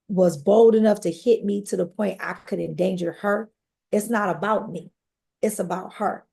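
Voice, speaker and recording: Warm, creaky and lowish, a woman's voice carries her personal testimony as a guest on a podcast. She recounts her life story earnestly, talking directly to those listening.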